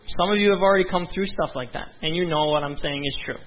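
A man's voice: on the high side, fast. A young man preaching a sermon as a pastor, earnest and conversational, with frequent asides to the congregation. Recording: dull lo-fi sound.

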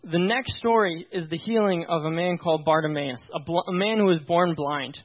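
High-voiced man preaching casually, lo-fi. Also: moderate pace. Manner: informal and emphatic, checks in with listeners. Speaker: pastor. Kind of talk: conversational sermon. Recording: dull lo-fi recording.

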